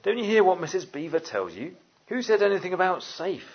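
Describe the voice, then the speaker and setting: A man reading aloud as an insistent male beaver from a storybook, with a husky voice. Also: high voice, sing-song, a little fast, highs cut off, voice pushed up, heavily acted.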